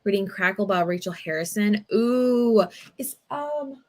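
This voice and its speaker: A woman's voice: mid-range voice, measured pace. Chatty young woman hosting a livestream. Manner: chatty, rambling, many fillers, animated when telling a story. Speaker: livestream book-club host. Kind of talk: casual livestream chat and storytelling.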